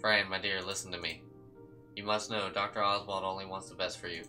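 A cold, manipulative aunt who coaxes and persuades, as a man reads her part. The tone is very bright and forceful, pitched low for her. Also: level tone, fairly quick, faint music behind. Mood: coaxing.

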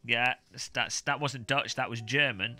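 A man's voice: mid-range voice, normal speed, sharp tone, soft background music. A man streaming a casual unboxing, rambling and joking as he reads out foreign words in silly voices. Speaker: tech streamer.

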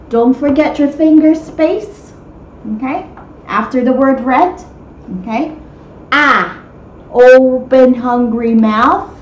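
A woman teaching young children to write, talking slowly and patiently in a sing-song teacher voice and stretching words out. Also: sits high, a little mellow, reverberant, slight background noise, rough recording. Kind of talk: guided writing lesson for young children.

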